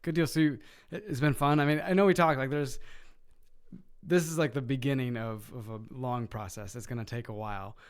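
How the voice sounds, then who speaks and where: A man's voice: mid-range voice, steady tone, a little fast, clean tone. A man, an associate pastor, talking in upbeat casual chat and laughing easily.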